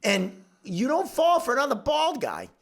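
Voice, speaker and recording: A man's voice: extremely high pitch, huge pitch swings, moderate pace, creaky, a bit bright. A man hosting a podcast, a comedian chatting casually with effusive, profane praise.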